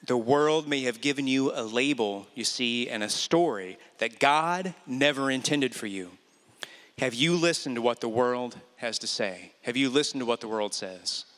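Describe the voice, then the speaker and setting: A man's voice: medium pitch, moderate pace, a bit bright. A man preaching a sermon, telling a family story and pressing his points with repeated questions to the listener. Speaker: pastor. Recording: echoey hall reverb.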